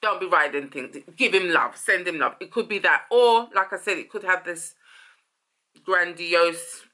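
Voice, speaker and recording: A woman's voice: on the low side, measured pace, pushed and bright. A woman hosting a casual song commentary, thinking aloud, rephrasing and trailing off as she muses. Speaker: host.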